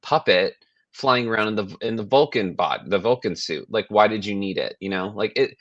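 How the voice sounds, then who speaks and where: A man with a lowish voice chats loosely on a podcast, swearing freely and breaking off mid-sentence. The sound is dry and a little dull, as if from a lo-fi mic. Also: moderate pace, no room sound. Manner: rambling, animated, profane, trailing restarts. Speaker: podcast co-host. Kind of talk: casual chat.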